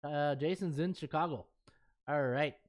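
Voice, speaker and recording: A man's voice: on the high side, a little slow. A middle-aged man, a sports betting handicapper chatting casually on a live stream and thinking aloud as he scrolls through stats.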